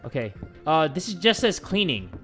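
A man commentating a video game he is playing, excitable, swearing often and breaking into shouts. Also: fairly high pitch, normal speed. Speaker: gaming YouTuber. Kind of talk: let's-play commentary. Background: game music.

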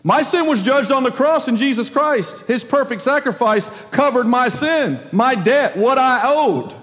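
A man's voice: extremely high pitch, lively intonation, a little slow, fairly bright tone. A man preaching a sermon as the pastor, emphatic and full of rhetorical questions. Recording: long reverb of a large hall.

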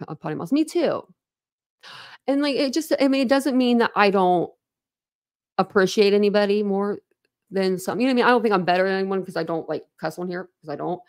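Woman streamer, mid-pitched, loose and candid, rambles to her chat and laughs at herself. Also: a little mellow. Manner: laughs often, self-deprecating. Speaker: livestream host. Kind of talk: casual livestream chat.

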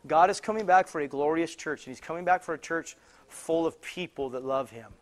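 A man preaching in church, telling a story with many restarts and bursts of loud exclamation. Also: fairly high pitch, fairly quick. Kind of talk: sermon storytelling. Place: church sanctuary.

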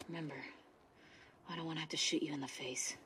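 An actress voicing a caring young woman companion in a video game who teases softly and wryly. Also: low voice, steady tone, fast talker, slight background noise.

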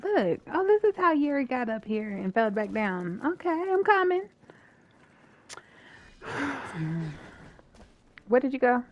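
A woman streams a co-op game with a voice that leaps up and down through her pitch. She talks loosely and playfully, tossing out curses and jokes as she loots and fights. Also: very animated, slow, pauses often, lo-fi sound. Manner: playful, swears and laughs often. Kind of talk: casual gaming chat.

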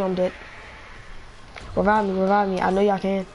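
Excitable slangy male gamer. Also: high-pitched, brisk, gravelly, long pauses, a little hiss or hum. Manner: excitable slangy trash talk, repeats phrases. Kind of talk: live gameplay commentary.

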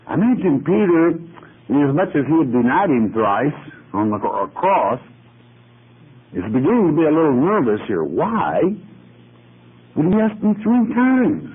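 A man teaching the Bible verse by verse as a pastor, measured and emphatic, rising sharply on key words. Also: fairly high pitch, very animated, breathy edge. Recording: tinny phone-line broadcast sound.

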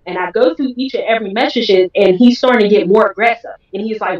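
A woman, a guest, telling a candid personal story in an animated way. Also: mid-range voice, quick pace, hardly any pauses. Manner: animated, acts out others' voices in quotes. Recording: roomy, distant, dull sound.

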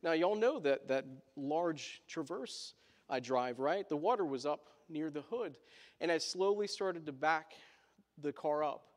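A man's voice: a little high, animated, measured pace, big-room sound. A male pastor telling a story in a sermon, chatty, with asides to the congregation.

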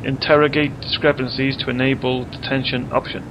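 A man's voice: mid-range voice, fairly even intonation, moderate pace, few pauses, highs cut off, background noise. Jokey man narrating his gameplay. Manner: jokey, mutters game text aloud while playing. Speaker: let's play host. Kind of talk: casual gameplay commentary. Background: game music.

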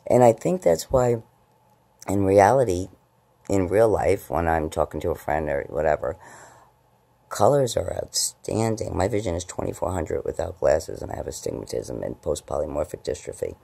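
A woman talks into her camera at home in a low, gravelly voice with a dark, mellow tone. Her pitch swings a lot as she rambles loosely from thought to thought. At times she jumps up high into baby talk with her cats. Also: expressive, moderate pace. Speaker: vlogger. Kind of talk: casual late-night vlog. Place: at home, indoors.

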